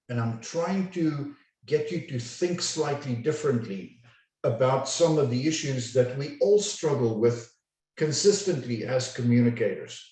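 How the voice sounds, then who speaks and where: A man coaching a webinar audience, his mellow voice unhurried and each word deliberately enunciated. He sounds set back from the mic, with his voice ringing around a very echoey room. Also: mid-range voice, far from the mic. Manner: slow, deliberate, carefully enunciated. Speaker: communication coach. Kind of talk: webinar lecture.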